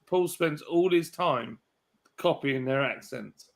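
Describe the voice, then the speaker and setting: A man's voice: a little high, slow, vocal fry. A British man and father chatting and joking with friends over drinks. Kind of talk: casual banter over drinks.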